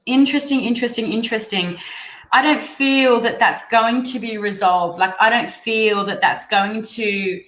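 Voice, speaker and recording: Giving a live-streamed tarot reading, a young Australian woman talks at a normal speed in a slightly high, fairly bright voice, chatting and meandering as she thinks out loud. Faint background noise and a roomy echo color the audio.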